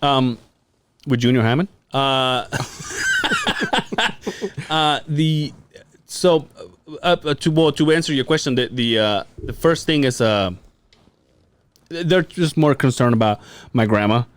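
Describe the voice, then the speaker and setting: A man's voice: mid-range voice, measured pace, a little hiss or hum. A man from Mexico, a podcast co-host, chatting casually and rambling with lots of fillers and restarts. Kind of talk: casual chat.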